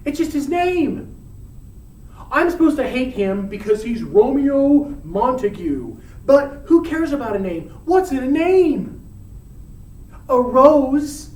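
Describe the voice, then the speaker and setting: Guy doing a swoony teen girl, gushy and dramatic, kinda raised up and loud, echoey room far off mic. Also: very high voice, pitched above the performer's own voice. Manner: breathless, gushing modern slang. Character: lovestruck teenage girl, gushing and dramatic.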